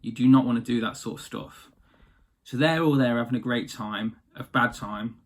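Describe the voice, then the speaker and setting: A man's voice: medium pitch, normal speed. A man casually retelling a fairy tale, chatty and slangy. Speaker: storyteller.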